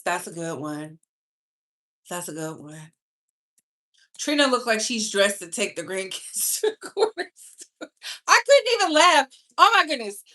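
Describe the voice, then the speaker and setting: A bright, sharp-toned woman talks celebrity gossip with a sassy, chatty delivery. Her voice sits a little high, and her carries the talk. She drags some words out slowly and rushes others. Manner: chatty, sassy, speeds up and slows down for emphasis. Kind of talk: casual live-stream chat.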